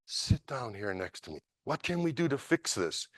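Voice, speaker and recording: A man voicing a small, kindly older man in a hakama who speaks softly and soothingly, while telling a story. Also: fairly high pitch, fairly quick, creaky, no room sound, pitched above the performer's own voice. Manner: soft, gentle, soothing.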